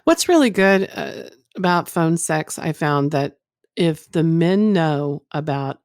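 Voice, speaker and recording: Frank low-voiced woman on a podcast. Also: lively intonation, slow, darkish tone, no room sound, studio quality. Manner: frank and candid, rambling. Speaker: guest, former phone sex operator. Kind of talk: casual podcast chat.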